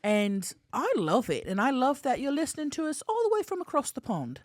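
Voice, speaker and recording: A woman's voice: sits high, wildly swooping pitch, brisk, no echo, studio quality. A woman co-hosting a casual podcast, brash and teasing, with frequent swearing. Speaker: podcast co-host.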